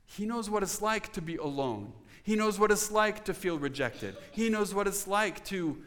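A man's voice: high voice, lively intonation, moderate pace, a bit bright. Earnest male preacher in a reverberant hall. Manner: earnest, conversational preaching with audience questions. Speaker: pastor. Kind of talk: sermon.

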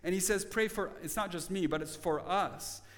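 A man's voice: high voice, moderate pace, a bit bright, long reverb tail. A man preaching a Sunday sermon as pastor, earnest and conversational, often restarting and repeating words. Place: church sanctuary.

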